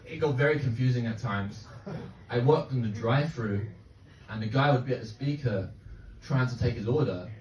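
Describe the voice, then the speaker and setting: A young man from England, delivering a deadpan stand-up set of dark one-liners in a comedy club. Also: mid-range voice, moderate pace, muffled recording. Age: young adult. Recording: roomy, distant, noisy club recording. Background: audience laughter.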